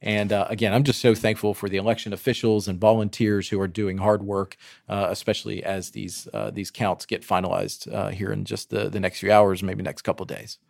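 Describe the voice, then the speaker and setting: A man co-hosting a casual roundtable podcast, lively and teasing, with many fillers. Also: lowish voice, a little fast, creaky, few pauses, no echo. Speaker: podcast co-host.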